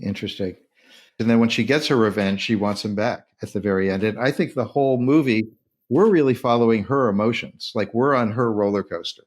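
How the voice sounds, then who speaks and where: A man's voice: on the low side, brisk. A man hosting a casual film discussion podcast, talking with enthusiasm and acting out the quoted lines. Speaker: podcast host.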